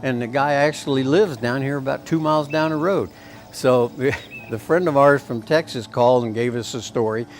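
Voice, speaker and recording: A man with a Tennessee drawl tells rambling, folksy stories about his country store in an easygoing way, pausing on fillers as he goes. His voice sits at an ordinary middle pitch, and soft music plays quietly behind him. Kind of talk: casual storytelling.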